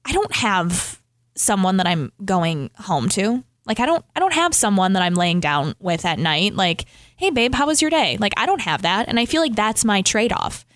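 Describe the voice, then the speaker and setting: A woman's voice: mid-range voice, sing-song, moderate pace, a bit bright, dry recording, studio quality. A woman co-hosting a casual chat, talking emphatically and swearing casually. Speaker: co-host.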